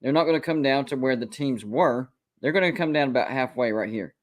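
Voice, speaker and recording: A man's voice: medium pitch, a little fast. A man hosting a live college football stream, talking casually, emphatic and repetitive as he defends his predictions. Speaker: college football show host. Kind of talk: live-stream sports commentary.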